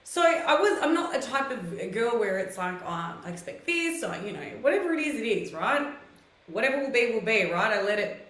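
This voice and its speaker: A woman's voice: fairly high pitch, sing-song, fairly quick, fairly bright tone, reverberant, low-quality recording. A woman hosting a live stream, telling personal stories in a casual, chatty way and greeting viewers by name.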